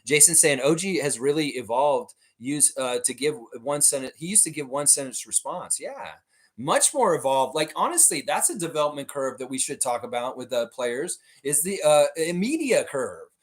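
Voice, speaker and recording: A man's voice: fairly high pitch, sing-song, normal speed, husky. A man hosting a live watchalong stream, casually reading chat messages aloud and riffing on them with frequent fillers and laughs. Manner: frequent "in some ways" and "uh" fillers. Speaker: livestream host.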